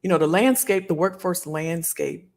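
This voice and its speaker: A middle-aged woman hosts a live stream, speaking to her viewers in a casual, heartfelt way and repeating phrases often. Her voice is fairly low and her pace is normal.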